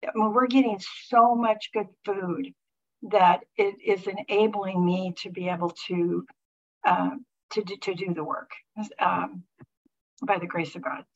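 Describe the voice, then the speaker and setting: A middle-aged woman sharing a personal faith testimony with a group, talking haltingly with many restarts and fillers. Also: mid-range voice, level tone. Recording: muffled lo-fi recording.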